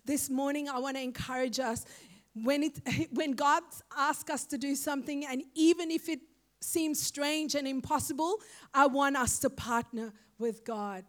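Woman preacher with a high voice, delivering an impassioned sermon full of rhetorical questions. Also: steady tone, measured pace. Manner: impassioned, asks rhetorical questions, calls out "Amen?".

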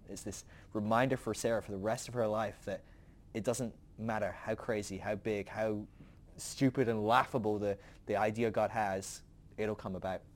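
A man's voice: lowish voice, steady tone, moderate pace. A man hosting a podcast who teaches from the Bible in a casual storytelling way, laughing often.

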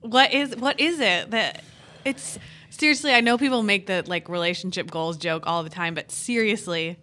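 A woman co-hosting a podcast, effusive and quick to laugh along. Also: mid-range voice, bright, forceful tone. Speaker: podcast co-host. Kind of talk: casual podcast chat.

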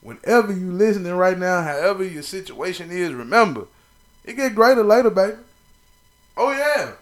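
A young man hosting a podcast, talking sports in a casual, profane, playful monologue full of shout-outs. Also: sits high, expressive, normal speed. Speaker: podcast host.

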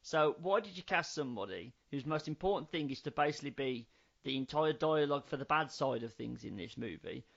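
A man's voice: mid-range voice, lively intonation, brisk, creaky, highs cut off. A man co-hosting a casual film-review podcast, ranting in an exasperated, sweary way. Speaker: podcast co-host.

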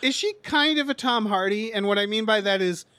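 A man's voice: sits high, fairly quick, bright, forceful tone, clear, resonant tone, no room sound. A man co-hosting a podcast, chatting casually about movie trailers with many restarts and fillers. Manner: rambling, frequent restarts and fillers. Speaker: podcast co-host.

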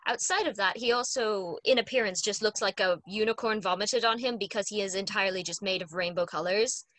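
A woman talking about the tabletop game she runs as game master, in a relaxed, rambling chat full of ums and asides. Her voice sits at a middle pitch, and the sound is dry and close with no room echo. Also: fairly quick. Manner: chatty, explains at length with fillers. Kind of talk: casual chat.

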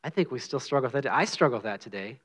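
A man's voice: medium pitch, animated, rapid-fire, fairly bright tone. A middle-aged man giving an informal, earnest sermon as a lay preacher, humble and conversational, with prayer and scripture.

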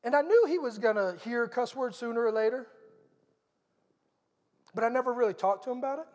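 A man's voice: extremely high pitch, fairly quick, long reverb tail. A middle-aged man preaching a sermon in an earnest, conversational storytelling manner.

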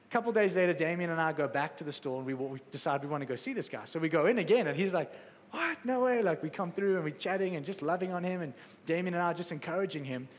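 A man's voice: a little high, very fast, hardly any pauses. Fervent preacher man in a reverberant hall. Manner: passionate, rising to exclamations then dropping soft. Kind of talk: sermon.

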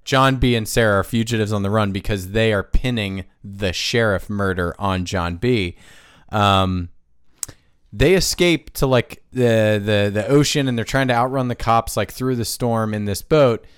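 A man's voice: fairly low pitch, unhurried, clean tone, dry recording, clean studio sound. A man co-hosting a casual podcast, telling stories in a rambling way and laughing between his lines. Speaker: podcast co-host.

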